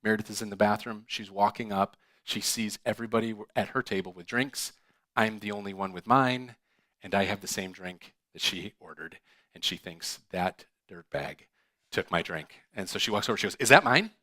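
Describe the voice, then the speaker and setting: A male pastor telling a personal story in a sermon, animated and acting out the dialogue with laughs. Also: on the low side, normal speed, dry recording. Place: church.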